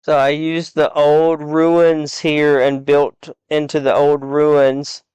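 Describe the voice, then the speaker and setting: Slow, clear-voiced man giving a build tour. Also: a little high, monotone, a little mellow, dry recording, muffled recording. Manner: rambling, halting with fillers. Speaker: game streamer. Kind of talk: casual build walkthrough.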